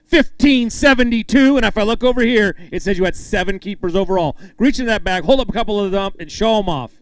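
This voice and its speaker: Upbeat guy emceeing a bass weigh-in, high voice, dry sound. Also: fast talker, dry recording. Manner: upbeat, hypes each angler and jokes with them. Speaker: tournament emcee. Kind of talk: live weigh-in announcing.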